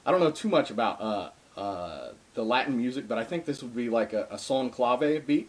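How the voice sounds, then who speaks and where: Relaxed young man teaching drum rolls. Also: medium pitch, a little fast, few pauses, over music. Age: young adult. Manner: relaxed and informal, with many ums and uhs. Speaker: darbuka teacher. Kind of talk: casual spoken drum lesson. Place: home room with drum. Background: darbuka drumming between phrases.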